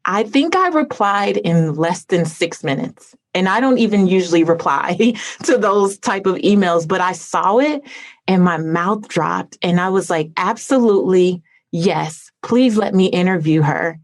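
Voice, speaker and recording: A woman with a somewhat low voice hosts an interview over a video call. She talks in a gushing, sincere way and leans on "like" as she goes. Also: expressive, a little slow. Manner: effusive, heartfelt, peppered with "like". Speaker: podcast host. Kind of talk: conversational interview.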